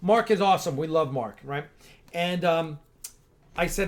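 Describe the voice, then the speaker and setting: A man's voice: on the high side, moderate pace, long pauses. A man hosting a casual livestream, talking enthusiastically in a rambling way with frequent restarts. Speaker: host of a fan-film livestream.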